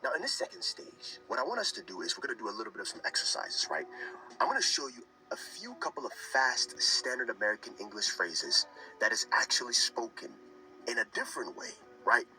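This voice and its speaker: Lively man teaching English phrases, distant mic. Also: mid-range voice, a little fast. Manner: animated, repeats phrases for drilling. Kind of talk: lesson on fast American English. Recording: distant from mic with music behind.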